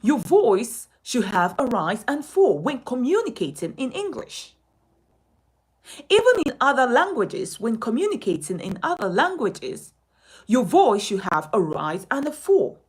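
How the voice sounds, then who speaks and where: Animated, slow-talking woman teaching live. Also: fairly high pitch, husky. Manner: animated, emphatic, asks and answers its own questions. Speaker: communication coach. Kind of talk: live-streamed lesson. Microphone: phone.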